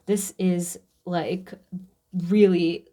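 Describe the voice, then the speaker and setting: Mellow-voiced emotional tarot reader woman. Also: on the low side, level tone. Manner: emotional, halting, many fillers and restarts. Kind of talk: casual channeling tarot reading.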